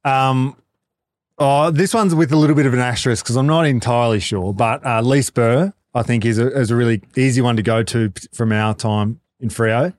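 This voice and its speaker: A man with an Australian accent, a guest in a casual chat, talking in a relaxed, hesitant way. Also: mid-range voice, normal speed, dry recording, clean studio sound.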